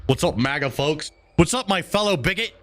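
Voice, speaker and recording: A man's voice: on the high side, lively intonation, normal speed, a bit bright. A man hosting a live stream, casually reading and answering his chat with easy chuckles. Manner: laid-back, chuckling, talks to chat.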